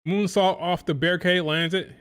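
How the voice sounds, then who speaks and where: A man's voice: high-pitched, steady tone, normal speed, a bit bright, smooth. A man hosting a live wrestling watch-along, chatting casually and mimicking crowd chants in a sing-song rhythm. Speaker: live stream reaction host.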